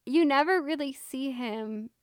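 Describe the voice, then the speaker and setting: A woman's voice: high-pitched, unhurried. A woman casually gushing about a novel with a friend, using lots of fillers. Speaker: co-host. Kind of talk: casual book discussion.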